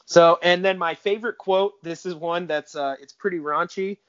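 Chatty man, slightly high voice. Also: normal speed, a bit bright, smooth, dry recording, highs cut off. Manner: chatty, laughs often while retelling scenes. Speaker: podcast co-host. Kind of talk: casual film discussion.

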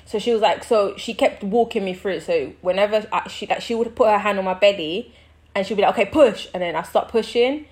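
A young woman, co-hosting a casual chat and telling a story with lively acted-out quotes and frequent laughter. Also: medium pitch, fairly quick. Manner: animated storytelling, acts out quoted people, laughs often. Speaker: podcast co-host.

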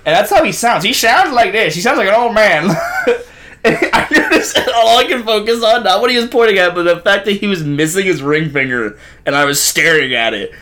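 A young man in casual chat, telling animated stories, swearing freely and laughing often. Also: high-pitched, fairly quick, a little hiss or hum.

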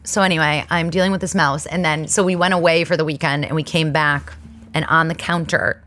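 A woman in her thirties hosting her own podcast, telling stories in a chatty, rambling, animated way full of tangents. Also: low voice, brisk. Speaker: podcast host. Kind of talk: casual storytelling monologue.

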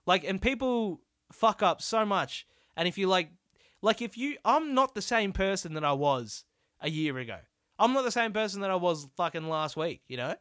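A man's voice: high-pitched, big pitch swings, moderate pace, a bit bright, dry recording, studio quality. Rambling, sweary young Australian man. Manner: rambling, sweary and self-deprecating. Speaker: podcast host. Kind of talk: solo comedic podcast monologue.

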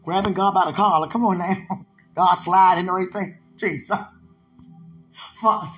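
A person praying aloud in ecstatic prayer, emotional and laughing, swinging from loud cries to hushed whispers. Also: mid-range voice, slow pace, pauses often. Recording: roomy echo with soft music.

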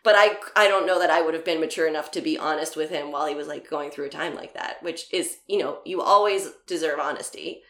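A young woman tells a story in casual conversation, speaking fast with a low but fairly bright voice and hardly pausing. She's chatty, laughs often and acts out the dialogue, in a room with noticeable echo.

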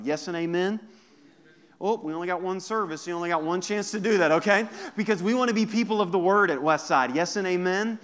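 A man preaching a sermon as pastor to his congregation, lively and joking with the listeners. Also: fairly high pitch. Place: church service.

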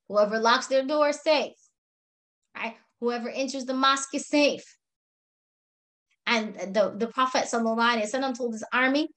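A woman's voice: fairly high pitch, a bit bright. A woman giving an earnest religious history lecture, telling the story with frequent "right?" checks and Arabic phrases. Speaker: religious teacher.

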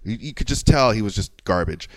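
Casting: man, podcast co-host, lively pitch swings, foul-mouthed storyteller. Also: brisk, a little hiss or hum. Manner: animated, swears, acts out quotes. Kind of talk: casual chat, storytelling a rant. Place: Los Angeles area.

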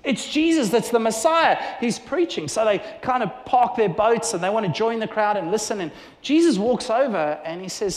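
Male preacher, fairly high voice, animated storyteller; roomy hall reverb. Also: normal speed, few pauses. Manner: animated storytelling with acted-out dialogue. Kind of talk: sermon. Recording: echoey hall with long reverb.

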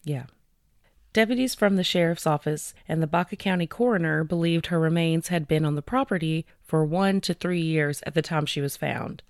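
A woman's voice: low voice, normal speed. A woman co-hosts a casual true-crime podcast. She relays news stories from her research in a loose, conversational way, leaning on fillers. The sound is dry and close, with little room echo. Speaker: podcast co-host.

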